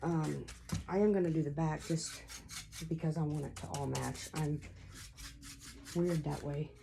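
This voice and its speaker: A woman's voice: low-pitched, fairly even intonation, measured pace, gravelly, noisy background. A woman giving a casual crafting tutorial at home, chatty and rambling as she tells stories while she works. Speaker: craft vlogger.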